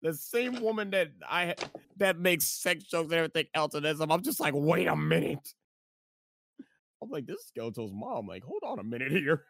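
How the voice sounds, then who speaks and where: A man's voice: a little high, moderate pace, gravelly, no echo, clean studio sound. A man co-hosting a casual podcast, telling a story with lots of laughter and acted-out quotes. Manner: animated, laughing, acts out quoted lines. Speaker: podcast co-host.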